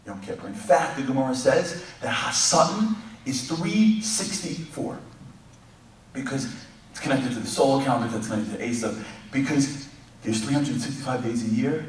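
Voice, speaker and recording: Animated man speaking in an echoey hall. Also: mid-range voice, moderate pace, recorded from a distance, noisy background. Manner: animated storyteller, swings from loud to hushed. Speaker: guest speaker. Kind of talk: lively inspirational talk. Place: large congregation hall.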